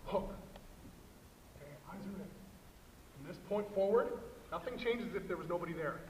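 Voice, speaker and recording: A man explains blocking technique at a coaching clinic, driving his points home and pausing for "okay?" His voice sits high for a man. He is recorded from across a large hall with a long, roomy echo. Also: animated. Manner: emphatic, repetitive, frequent "okay?". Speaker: football line coach. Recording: echoey hall, far from mic, noisy.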